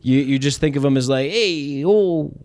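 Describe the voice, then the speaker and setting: A man's voice: mid-range voice, monotone, fast talker, warm tone, dry recording. Profane riffing podcast host man. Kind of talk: casual comedy chat.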